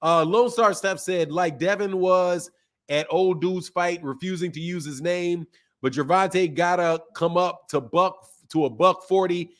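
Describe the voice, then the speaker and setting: Laid-back high-voiced man chatting boxing. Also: measured pace. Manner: laid-back, slangy, chuckles often. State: sore throat. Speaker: boxing channel host. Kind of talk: casual livestream chat reading super chats.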